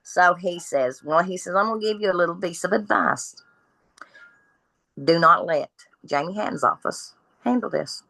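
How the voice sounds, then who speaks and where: A woman tells her story as a podcast guest, speaking bluntly and acting out each person's lines. Her voice sits low and lands with a forceful edge. The sound is dry and close. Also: normal speed, creaky, no echo, low-quality recording. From Kentucky. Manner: blunt, animated retelling of dialogue.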